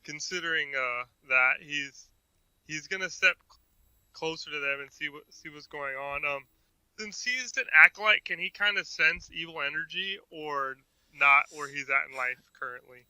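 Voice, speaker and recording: A man's voice: on the high side, normal speed, sharp tone, clear, resonant tone, no echo, poor audio. A man playing a tabletop game, describing his character's actions in the third person. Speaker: player.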